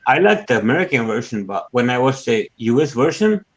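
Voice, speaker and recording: A man who learned as a chats on a call. He is friendly but hesitant, stopping often and swearing casually. His voice sits at an ordinary pitch. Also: sing-song, a little fast, low-quality recording.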